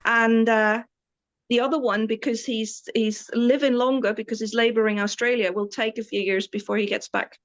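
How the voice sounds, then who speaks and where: A woman's voice: fairly high pitch, fairly even intonation, normal speed, dull audio. A German-born woman in her forties, with an English accent tinged by the British Isles, telling stories as a tour guide in an enthusiastic, rambling way with many restarts. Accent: British Isles-influenced English. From East Germany. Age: 40s. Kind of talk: casual interview storytelling.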